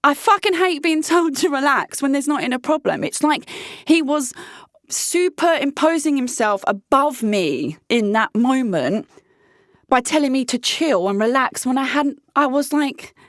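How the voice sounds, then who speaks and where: A woman's voice: sits high, unhurried, dry recording, studio quality. Blunt, sweary woman vlogging about dating. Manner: blunt, sweary, animated, laughs often. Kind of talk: casual candid vlog monologue.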